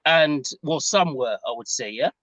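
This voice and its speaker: Man, London English accent, caller, polite, hesitant, fillers, slightly high voice, dull lo-fi line. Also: normal speed, bright, forceful tone, no room sound. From England. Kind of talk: casual call-in conversation.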